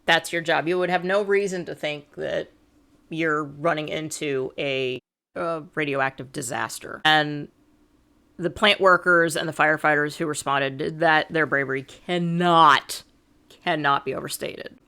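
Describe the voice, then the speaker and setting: A woman's voice: deep voice, steady tone, a little slow, sharp tone. A middle-aged woman co-hosting a podcast, explaining events step by step with a sarcastic edge. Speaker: podcast co-host. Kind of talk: casual podcast chat.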